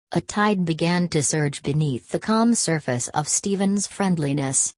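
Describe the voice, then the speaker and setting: A woman narrating a novel as an audiobook, reading in a steady, measured way. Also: low-pitched, dry recording. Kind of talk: scripted narration.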